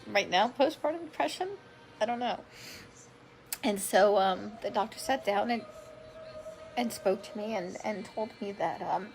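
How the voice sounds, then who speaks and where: A vlogger in her forties, self-described drama queen, shares her health story live in an emotional, chatty way, saying hello to viewers by name. Her voice is mid-range and creaky, heard over poor audio.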